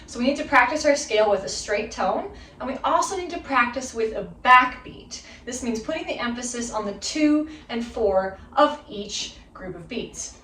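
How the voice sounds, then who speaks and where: A woman's voice: fairly high pitch, expressive, moderate pace, few pauses, sharp tone, recorded from a distance, a little hiss or hum. Upbeat woman teaching fiddle, roomy sound. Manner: upbeat, encouraging, counts in the student. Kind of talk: instructional video lesson. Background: her violin playing between phrases.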